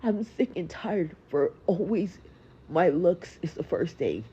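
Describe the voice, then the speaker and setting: A woman's voice: on the low side, animated, takes it slowly, dark tone, slight background noise. A young woman talking earnestly and emotionally straight to her followers, often repeating herself. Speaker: social media creator. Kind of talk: emotional confessional clip. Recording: dull lo-fi clip.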